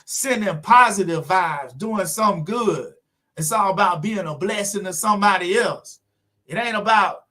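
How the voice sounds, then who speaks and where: A man with a high, pushed, bright voice hosts a live car stream. He chats casually and laid-back with viewers, filling gaps with "man" and "you know what I'm saying."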